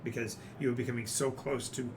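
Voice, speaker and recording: A man's voice: medium pitch, fairly even intonation, fairly quick, background noise. A man running a tabletop game as game master, describing scenes in a rambling way with frequent fillers.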